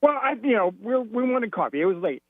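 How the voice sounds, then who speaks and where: A man's voice: sits high, fairly quick, no room sound. A man calling in to a radio show, retelling a quarrel and acting out both voices. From Florida. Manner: animated storyteller acting out both sides of a quarrel. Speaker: caller. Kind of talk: telling a story on a radio call-in. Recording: tinny phone line, dry.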